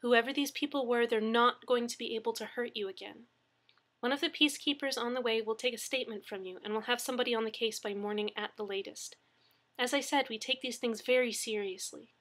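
A woman's voice: a little high, steady tone, a little fast, fairly bright tone. A woman voicing a friendly female emergency dispatcher who talks in a chatty, reassuring way in an audiobook reading.

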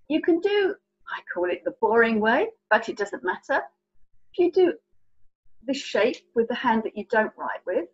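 A woman's voice: a little high, husky, dull audio. A British woman teaching signs for colours to children in a chatty, playful, encouraging way. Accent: British English. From England. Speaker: sign language tutor. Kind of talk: children's signing lesson.

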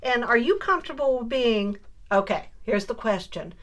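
A woman's voice: a little high, lively intonation, normal speed, a bit bright. Chatty woman crafting on camera. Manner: chatty, narrates each step as she works. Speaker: crafting channel host. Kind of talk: casual crafting tutorial with storytelling.

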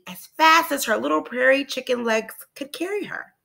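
A woman teacher reading a storybook aloud to children, expressive and asking them encouraging questions. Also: sits high, moderate pace, creaky. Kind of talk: storybook read-aloud lesson.

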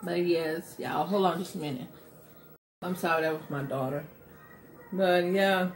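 A woman's voice: fairly low pitch, steady tone, unhurried, a little hiss or hum. A middle-aged woman hosting an eating show at home, chatting candidly and with emphasis while she eats. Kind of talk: casual chat while eating.

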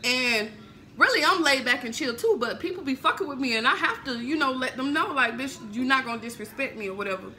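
A woman's voice: sits high, expressive, a little fast, sharp tone, a little hiss or hum, low-quality recording. A woman in her thirties chatting casually in a home kitchen vlog, laughing and swearing freely. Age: 30s. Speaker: vlogger. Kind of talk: casual cooking vlog chat.

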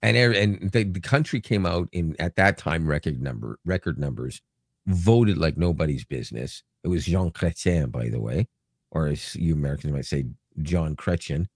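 Canadian male podcast co-host, deep, dry mic, talkative and joking. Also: moderate pace, breathy edge, no echo. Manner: rambling, joking, animated storytelling. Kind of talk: casual chat.

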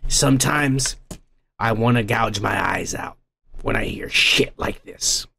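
A man's voice: mid-range voice, gravelly, sharp tone, husky. A man hosting a comedy podcast, ranting and swearing constantly in a crude, rambling way. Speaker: podcast host. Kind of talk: crude drunken comedy rant.

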